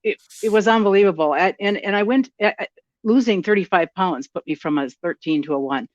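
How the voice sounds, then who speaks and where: A woman's voice: mid-range voice, brisk, darkish tone, dry recording, lo-fi sound. A woman from Minnesota with a Minnesotan accent, talking casually as a podcast guest, friendly and chatty with many fillers and restarts. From Minnesota, USA. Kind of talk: casual interview chat.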